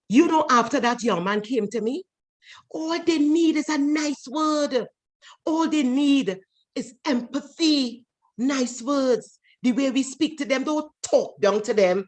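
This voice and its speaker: A woman's voice: high voice, a little slow. A woman speaks in a church forum over a video call. Her delivery is emphatic and preachy, and she keeps repeating her points to drive them home. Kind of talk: impassioned forum speech.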